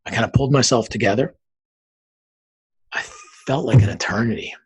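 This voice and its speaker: A man in his forties, a podcast guest, telling his story with lively acted-out dialogue. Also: medium pitch, a little fast, breathy edge, poor audio. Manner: animated storyteller acting out quoted dialogue. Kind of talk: storytelling in an interview.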